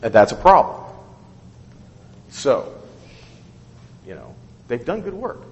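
A man's voice: medium pitch, slow pace, lo-fi sound. A man leading a Bible study, explaining a passage verse by verse and often checking in with "okay?". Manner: animated, keeps asking okay and right. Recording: echoey hall with long reverb.

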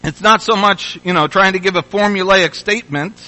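Pastor type, male, high bright voice, emphatic sermon teaching that drives points home by repetition. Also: normal speed, rough recording. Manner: emphatic, repeating key phrases.

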